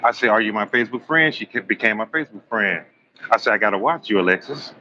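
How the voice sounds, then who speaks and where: A man's voice: fairly low pitch, expressive, fast talker, bright, forceful tone. Teasing, rambling man on a live stream. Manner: joking, teasing, rambling storyteller. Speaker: live-stream astrology host. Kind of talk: casual live-stream chat with viewers. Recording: slightly dull lo-fi stream audio with faint room noise.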